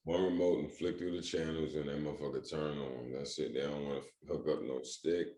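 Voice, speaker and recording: A man's voice: a bass voice, steady tone, brisk, mellow. A man co-hosting a podcast, chiming in with laid-back, profane remarks and short agreement. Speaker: podcast co-host. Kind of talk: casual chat.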